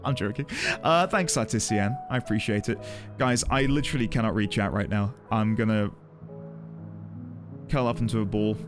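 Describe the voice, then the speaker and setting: A man's voice: on the low side, normal speed, long pauses, over music. A man streaming a game, rambling and flustered as he thanks his chat effusively.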